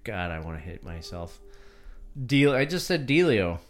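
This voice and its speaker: Very deep-voiced man rambling casually. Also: sing-song, normal speed. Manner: rambling, self-deprecating, frequent fillers and apologies. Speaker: podcast co-host. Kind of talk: casual chat about music. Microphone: home podcast microphone.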